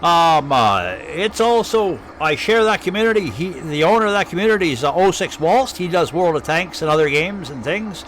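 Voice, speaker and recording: A man with an Ottawa Valley accent talks through a live game stream, rambling and thinking aloud. His voice sits high and swoops up and down constantly. He is easygoing and chatty throughout. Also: animated, normal speed, hardly any pauses, a bit bright. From Ottawa, Canada. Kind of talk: live gameplay commentary.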